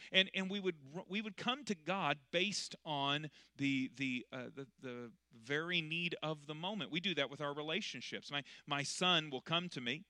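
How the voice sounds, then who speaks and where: A middle-aged man preaching a sermon in church as pastor, swinging between loud, emphatic preaching and quiet, conversational explaining. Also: fairly high pitch, moderate pace, few pauses, dry recording.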